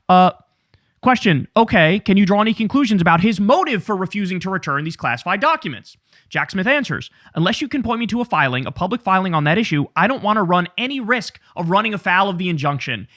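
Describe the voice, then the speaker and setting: Bright-voiced indignant male commentator. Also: sits high. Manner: emphatic, indignant, addresses viewers as guys. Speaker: political commentator. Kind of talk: political commentary video.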